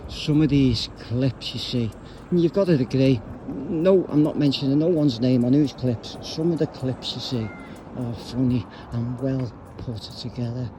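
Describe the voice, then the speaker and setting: A man's voice: mid-range voice, unhurried. A man rambling bluntly in slangy casual talk, vlogging while out on a walk. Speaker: YouTuber. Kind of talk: casual vlog rant while walking. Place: outdoors on a street. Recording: street noise with traffic.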